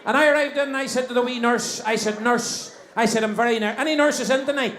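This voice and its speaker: Cheeky high-voiced Northern Irish compere. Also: male voice, fast, fairly bright tone. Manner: cheeky, banters with the audience. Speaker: show compere. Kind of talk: live stand-up compering. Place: stage in a hall before a live audience. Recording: echoey hall, faint crowd and noise.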